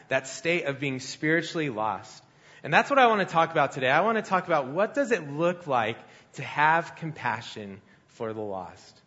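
Over muffled audio, a young man with a higher-pitched voice preaches, and he's a pastor. He shares a personal anecdote in a conversational, storytelling way, performing the words of the people involved.

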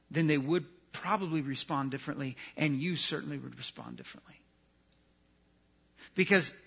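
A man preaching a sermon, earnest and emphatic, his voice rising for stress and dropping low and quiet for weight. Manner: earnest, emphatic preaching that rises and drops in volume. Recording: dull lo-fi sound.

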